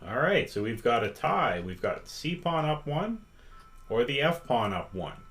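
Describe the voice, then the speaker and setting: A man's voice: medium pitch, big pitch swings, fairly bright tone. A man teaching chess on a live stream, patiently reading out viewers' votes and inviting them to join in. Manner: slow, patient, reads out chat votes. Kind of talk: interactive live-stream lesson.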